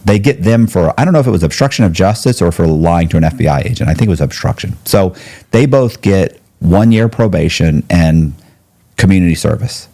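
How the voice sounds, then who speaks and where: A middle-aged man with a very low, mellow voice recounts a story in a casual interview. He rambles with slang, swears freely and restarts his sentences often. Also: expressive, fairly quick. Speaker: interview guest.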